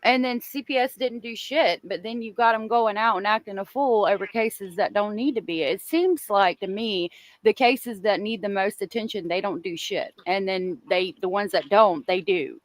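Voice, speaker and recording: A woman's voice: mid-range voice, normal speed, dry recording, rough recording. Woman podcast co-host; easygoing, agreeing, plain middle voice. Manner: agreeable, short affirmations. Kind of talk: casual chat.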